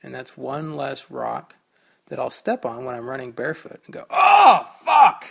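A man's voice: mid-range voice, fairly even intonation, normal speed, creaky, husky. A man hosting a casual solo podcast from his kitchen at home, rambling and joking with self-mocking humor. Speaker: podcast host.

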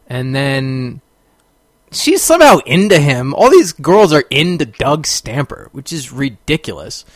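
A man's voice: mid-range voice, gravelly, no room sound. A man hosting a podcast, telling a story in a casual monologue, rambling with fillers and bursting into exclamations. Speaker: podcast host.

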